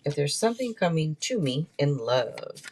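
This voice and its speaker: A woman's voice: low voice, big pitch swings, normal speed, background noise. Chatty woman reading tarot live. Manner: chatty and rambling, with many restarts. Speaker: tarot reader hosting a live stream.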